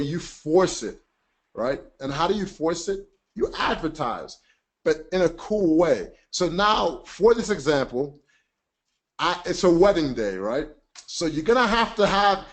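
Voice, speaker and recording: A man presenting a casual teaching webinar, chatty and emphatic, joking about himself. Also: a little high.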